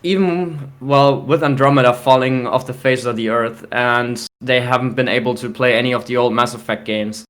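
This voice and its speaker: A young man with a medium-pitched voice argues his view in casual podcast chat. He sounds opinionated and emphatic, grumbling and piling up points as he talks games with his co-host. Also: steady tone, normal speed, few pauses, fairly bright tone.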